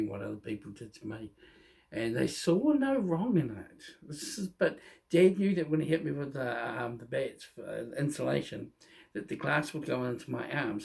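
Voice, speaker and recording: A middle-aged man telling his own life story in a candid, halting way, often restarting his sentences. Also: medium pitch, creaky, darkish tone. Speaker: vlogger. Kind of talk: personal storytelling monologue.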